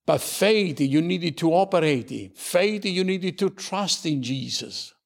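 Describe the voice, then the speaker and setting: Slow, earnest preacher man. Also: fairly high pitch, animated, vocal fry. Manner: slow, earnest, repetitive preaching with halting restarts. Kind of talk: sermon.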